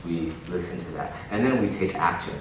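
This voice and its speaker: A man giving an inspirational keynote talk, telling stories in an animated way with frequent laughter. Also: low-pitched, a little fast. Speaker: keynote speaker. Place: large conference hall. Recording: echoey hall, distant mic, noisy.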